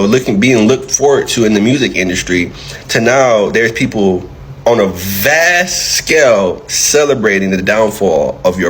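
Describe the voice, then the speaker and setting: A man's voice: mid-range voice, slight background noise, low-quality recording. A man hosting an opinion commentary, talking emphatically and repeating his points. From United States. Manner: emphatic, repeats points, tags lines with "right?". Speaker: commentary channel host.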